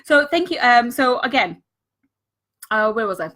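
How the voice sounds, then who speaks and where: Woman, bright high voice, earnest live-stream coach, leans on repetition. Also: sing-song, unhurried. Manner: earnest, repeats words for emphasis; greets viewers and thanks them mid-talk. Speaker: money mindset coach.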